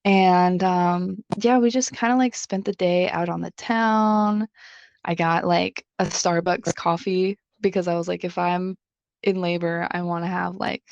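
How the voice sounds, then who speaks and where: A young woman co-host tells a personal story in a loose, rambling way, filling her sentences with "like". Her voice sits a little low for a woman. The recording is dull and lo-fi, with a dry, close sound. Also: steady tone, measured pace, gravelly, darkish tone, clean tone, dry recording. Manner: chatty, leans heavily on filler "like". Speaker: podcast co-host.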